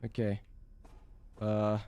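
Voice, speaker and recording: A man's voice: on the low side, monotone, very slow, mellow, clean tone, no echo. A young man commenting on a game he is playing, jumpy, cursing and talking to himself. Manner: jumpy, swears, talks to himself. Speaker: gameplay streamer. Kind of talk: let's play commentary.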